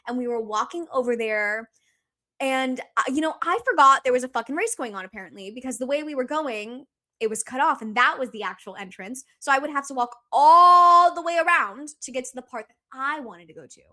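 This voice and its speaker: Young woman, bright clear voice, somewhat high, casual profane storytelling, lots of "like" and "okay". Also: expressive, fairly quick. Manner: chatty and profane, full of "like" and "okay". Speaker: podcast guest.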